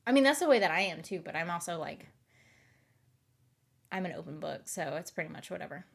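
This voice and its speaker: A woman's voice: fairly low pitch, expressive, fairly quick, creaky. A woman in her late twenties with a light Southern US accent, chatting casually as a streamer in a rambling, hesitant way. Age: late 20s. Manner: rambling, hesitant, many fillers. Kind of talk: casual chat.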